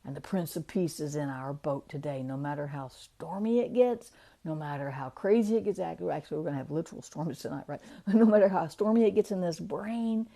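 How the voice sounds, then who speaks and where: A woman giving a casual devotional talk, chatty, laughing often and slowing down to read verses. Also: low-pitched, gravelly, warm tone. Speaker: devotional speaker.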